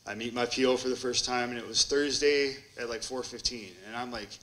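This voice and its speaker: Man, Wisconsin, treatment court graduate; bright tone, rambling storyteller who acts out the quotes. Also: medium pitch, steady tone, a little fast, poor audio. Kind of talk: personal recovery testimony.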